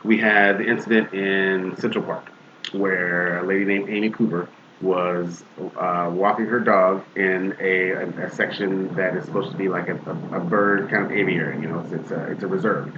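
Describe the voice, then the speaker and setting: A man co-hosting a podcast, talking earnestly in a halting way with many restarts. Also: sits low, level tone. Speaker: podcast co-host. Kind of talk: casual podcast discussion. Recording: dull lo-fi audio with faint hiss.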